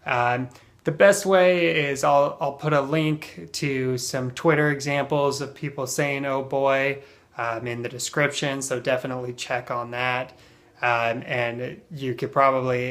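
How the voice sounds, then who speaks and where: In a casual spoken lesson, a medium-pitched man teaches an English phrase in a relaxed way, with plenty of ums and uhs. He acts out example sentences with strong emphasis.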